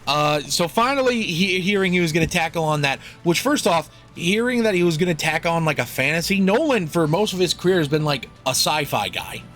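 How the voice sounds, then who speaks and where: A young man holds forth on a casual podcast, rambling and swearing freely as he jokes his way through a film review. His voice sits a touch high for a man, and faint music hums underneath. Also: expressive, fairly quick, hardly any pauses, fairly bright tone. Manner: rambling, profane, jokey. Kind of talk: casual chat.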